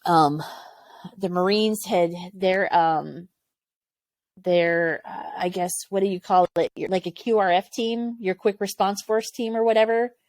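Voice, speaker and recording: A woman in her forties tells her old service stories in a casual podcast interview, candid and lively, slipping into the voices of the people she quotes. Her voice sits at an ordinary middle pitch, recorded close and dry with no room sound. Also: a little slow, no echo. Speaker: podcast guest, former Army aviation medic.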